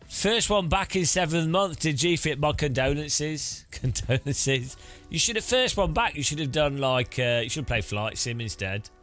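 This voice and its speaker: A man chatting his way through a sim-racing stream, rambling and joking with a lively pitch and an unhurried pace. Faint music runs underneath. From Britain. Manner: rambling, joking, often laughing. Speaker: streamer host. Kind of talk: casual livestream chat while sim racing.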